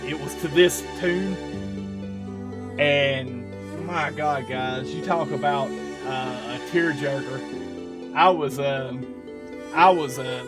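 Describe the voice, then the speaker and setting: A man, hosting a live stream in casual, rambling chat full of fillers and laughs. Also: a little high.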